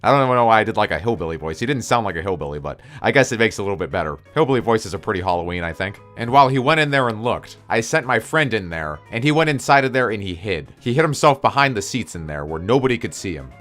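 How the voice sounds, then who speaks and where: A man's voice: on the low side, animated, quick pace, few pauses, fairly bright tone, faint music behind. A young man telling a personal story in a casual, crude, joking way with mock-spooky flourishes.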